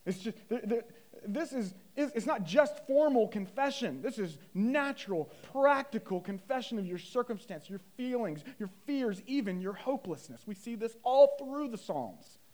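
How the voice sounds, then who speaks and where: Man preaching, high voice, impassioned swings from loud to hushed, rhetorical questions. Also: animated, moderate pace. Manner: addresses listeners as guys, asks rhetorical questions. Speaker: pastor. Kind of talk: sermon.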